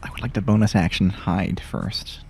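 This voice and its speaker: A man's voice: low voice, fairly even intonation, normal speed, vocal fry, darkish tone, husky. A man in his forties playing a tabletop game, stumbling and hesitating as he describes his character. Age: 40s. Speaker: player.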